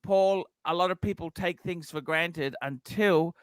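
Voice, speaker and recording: A man's voice: sits high, unhurried, smooth, no room sound. A man hosting a casual livestream, reading out donations and rambling with many restarts. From Australia. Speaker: livestream host.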